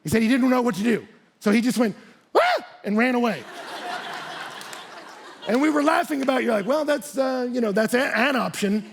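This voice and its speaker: A man's voice: very high voice, animated, fairly quick, vocal fry, pauses often, background noise. A man preaching a sermon as a pastor in a church, talking conversationally and acting out quotes and asides.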